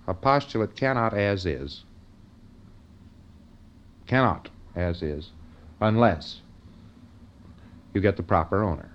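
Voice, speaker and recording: A man's voice: lowish voice, lively intonation, slow, pauses often, highs cut off. A man giving an informal lecture in a conversational way, often checking in with his listeners.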